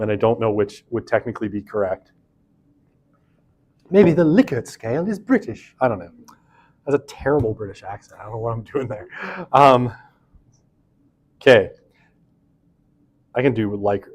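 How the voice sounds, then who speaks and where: A man teaches a university class in a loose, conversational way. He fills his sentences with asides and fillers and pokes fun at himself as he explains. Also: lowish voice. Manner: chatty, many fillers and asides, self-deprecating. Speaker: university lecturer. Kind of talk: casual classroom lecture.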